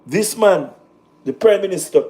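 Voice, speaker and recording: A man with a Jamaican accent, talking about politics on a casual livestream, animated and repetitive, mixing patois in. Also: sits high, unhurried.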